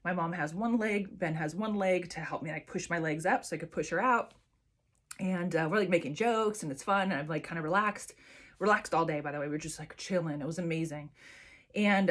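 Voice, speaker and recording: A woman's voice: fairly low pitch, fairly quick, fairly bright tone. A woman vlogger chatting casually to camera and telling a personal story with lots of fillers and restarts.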